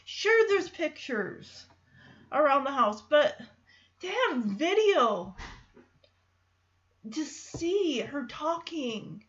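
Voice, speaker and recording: A woman's voice: high voice, very slow, long pauses, highs cut off. A woman hosting a podcast, casually recapping a TV episode and acting out the characters' lines. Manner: animated retelling with acted-out quotes. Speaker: podcast host.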